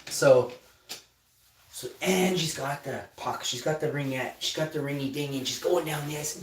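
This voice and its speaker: A man in his forties hosting a livestream, telling a story in a casual, animated way and breaking into loud excited shouting. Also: a little high, moderate pace, far from the mic. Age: 40s. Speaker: livestream host. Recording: roomy sound, off-mic.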